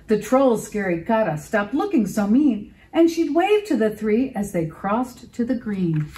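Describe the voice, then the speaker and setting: A woman librarian reads a children's picture book aloud at an unhurried pace. Her voice moves a lot in pitch, and she pauses to ask her young listeners questions. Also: low-quality recording. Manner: expressive, asks children questions.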